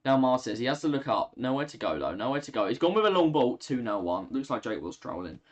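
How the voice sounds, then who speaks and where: With a quick, sing-song delivery in a mid-range voice, a young man chats through a live football match on his stream. He's tired and yawning but still reacts to the action and talks with his chat.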